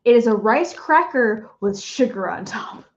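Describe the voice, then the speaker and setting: Enthusiastic young woman streamer, slightly high-pitched, chatty; dull, low-fi mic sound. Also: expressive, a little slow, a little hiss or hum. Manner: chatty, enthusiastic, repeats herself. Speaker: streamer host. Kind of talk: casual live-stream chat.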